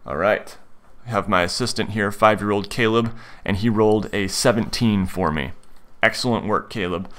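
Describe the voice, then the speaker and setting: A man's voice: on the low side, moderate pace, fairly bright tone, smooth. A man hosting a tutorial, explaining how to play a tabletop game and acting out his character. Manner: explanatory, plays his character in first person. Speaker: game master and tutorial host.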